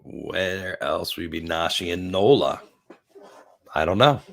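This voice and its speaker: A man in his fifties hosting a casual live stream from a porch, rambling and giggling while very high. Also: vocal fry, fairly bright tone. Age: 50s. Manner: rambling, giggly, stoned and slowing down. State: very high on cannabis. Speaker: livestream host. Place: outdoor porch.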